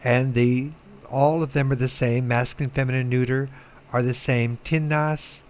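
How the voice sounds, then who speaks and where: A middle-aged man giving a recorded lecture, slow and methodical, repeating words so students can follow. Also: medium pitch, steady tone, a little mellow. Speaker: Greek teacher.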